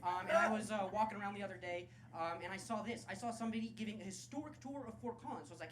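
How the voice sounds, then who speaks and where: A man's voice: sits high, rapid-fire, hardly any pauses. A man doing a live stand-up set, brash and crude, with sarcastic crowd work. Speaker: stand-up comedian. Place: comedy club stage. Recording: loud live club crowd and noise.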